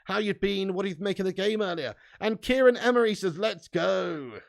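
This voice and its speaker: Reading his viewers' live comments on a casual stream, a young fan-channel host talks fast in a gravelly, somewhat high voice. He keeps things loose and laddish, with laughs and a few swear words.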